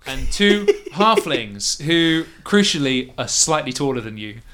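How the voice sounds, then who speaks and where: A man's voice: mid-range voice, expressive, a little slow, background noise. A man narrating a tabletop game as game master, playful and giggly.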